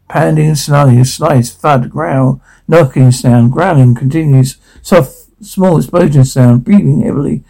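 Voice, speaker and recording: A man with a somewhat high, gravelly voice reads a film scene aloud. He speaks each line of dialogue and plainly names every sound cue between them. His tone is mellow and low in brightness. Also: unhurried, poor audio. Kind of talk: reading out dialogue and sound cues.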